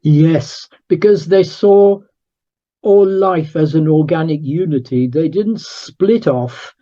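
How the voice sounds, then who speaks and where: A man speaking as an author and guest in an interview, measured and emphatic, as if lecturing. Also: a little high, mellow, dull audio. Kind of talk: conversational interview.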